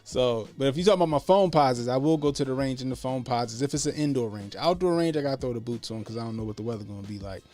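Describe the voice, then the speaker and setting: A man's voice: mid-range voice, rapid-fire, hardly any pauses, darkish tone. A man hosting a casual livestream, talking in laid-back slangy banter and laughing often. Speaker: livestream host.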